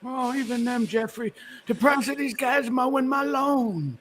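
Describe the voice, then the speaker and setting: Male co-host, high, bouncy delivery, rowdy profane jokester. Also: animated, unhurried, a bit bright. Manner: joking, boisterous, profane, bursts into bits. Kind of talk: casual chat on a stream.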